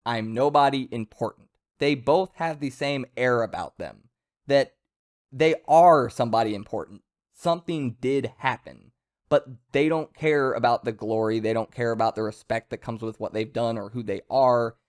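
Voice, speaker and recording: A man's voice: medium pitch, normal speed, darkish tone. A man giving a casual, enthusiastic spoken review of a manga chapter, chatty and full of fillers and restarts.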